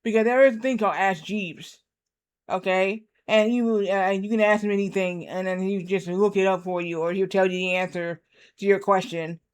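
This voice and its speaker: High, smooth-voiced man streaming a game. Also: fairly even intonation, normal speed. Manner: rambling, many restarts and fillers. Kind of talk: casual livestream chat while gaming.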